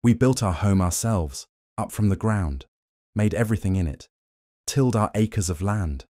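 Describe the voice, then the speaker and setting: A proud, defiant android man in an audiobook, bitter and desperate, pushing his voice well above the reader's own low tone, as a male narrator puts him on. The sound is close and dry, with no room around it. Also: expressive, normal speed, no echo, natural voice. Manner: pleading, then shouting in anger.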